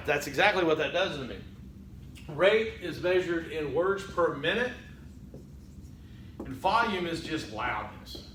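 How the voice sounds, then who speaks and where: A man teaching a public speaking class in a conversational lecture, often saying "okay" and acting out halting speech full of fillers. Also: a little high, animated, fairly bright tone, echoey room, slight background noise, low-quality recording. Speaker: college public speaking instructor. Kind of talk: recorded lecture.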